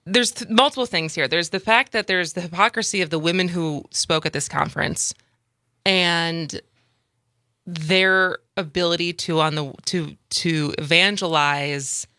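30s woman hosting a chat, bright voice, dry close mic, sarcastic. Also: on the low side, unhurried, dry recording. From Midwestern US. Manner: lively, sarcastic, laughs often. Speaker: podcast host. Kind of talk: casual chat.

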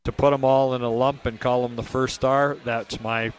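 A man giving relaxed, rambling post-game hockey analysis on radio, chuckling now and then. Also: medium pitch, normal speed.

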